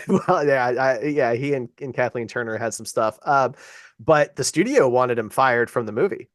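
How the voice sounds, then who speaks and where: A man's voice: mid-range voice, expressive, moderate pace, dry recording. Man, podcast co-host: easygoing, agreeable, chatty, dry close-miked sound. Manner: agreeable, chatty, trivia-sharing. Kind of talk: casual chat.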